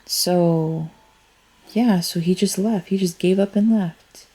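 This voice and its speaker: With a lowish, mellow voice and a breathy edge, the woman keeps her intonation fairly even and her pace a touch slow. She's a tarot reader musing aloud through a casual reading, rambling, blunt, frank and quick to swear.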